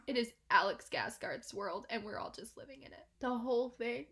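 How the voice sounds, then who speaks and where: A woman reviewing an album in a reaction video, excitable and swearing, swinging between hushed whispers and shouts. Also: a little high, normal speed, hardly any pauses. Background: album music playing.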